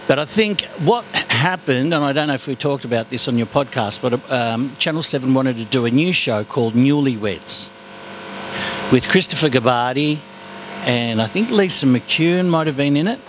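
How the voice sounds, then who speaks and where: A middle-aged man chats as a comedy guest, telling stories with animated energy. His voice sits in a middle register. A clear hiss of background noise runs under the recording. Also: mid-range voice, normal speed. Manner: animated storyteller, slips into comic voices. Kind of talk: casual interview chat. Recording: noisy background.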